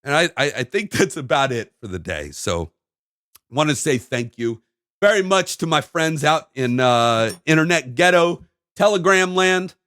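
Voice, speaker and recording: High, animated ranting man. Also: moderate pace. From United States. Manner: ranting, emphatic, repeating phrases. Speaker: video host. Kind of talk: heated solo monologue to camera.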